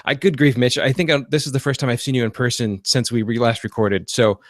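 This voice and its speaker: A man hosting a casual podcast, talking loosely with plenty of "um"s and restarts. His voice sits at an ordinary middle pitch, and the sound is close and dry. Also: fast talker, no room sound. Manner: rambling, many restarts and fillers. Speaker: podcast host; computer repair business owner.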